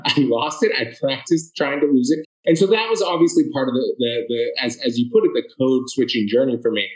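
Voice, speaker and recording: A man from the Boston area answers an interviewer in an earnest, animated way, often restarting his sentences. His voice sits at an ordinary middle pitch. The recording has a noticeably roomy echo around him. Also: brisk. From Boston area, Massachusetts. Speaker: author guest.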